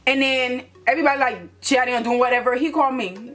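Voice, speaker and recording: A woman's voice: high-pitched, fairly even intonation, fast, few pauses, fairly bright tone, faint music behind. A young woman from Liberia telling a casual storytime to her viewers, blunt and profane, speaking straight to them. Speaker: YouTuber.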